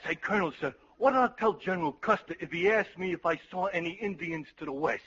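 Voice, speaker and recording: A gullible young private with a very high, very bright, piercing voice. He stammers and giggles through vintage radio comedy. The recording is dull and lo-fi with faint hiss. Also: fast talker. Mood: eager. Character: naive, eager young male army private.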